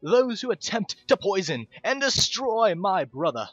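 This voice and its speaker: A man doing a loud wrestler preacher who stretches every word into a drawn-out sermon and rises well above his own pitch. The audio is dull and lo-fi, with faint game music behind. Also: sing-song, dry recording, exaggerated voice. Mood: preaching. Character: booming slow-preaching male wrestler reverend.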